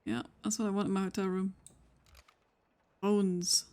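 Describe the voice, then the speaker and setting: A woman's voice: mid-range voice, level tone, measured pace, mellow. A Welsh woman trading jokes with the other players of a tabletop game on a live stream. She laughs at almost everything, swears with ease and teases back. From Wales. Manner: laughs often, swears freely, teasing. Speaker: tabletop role-play player. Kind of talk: casual banter on a live stream.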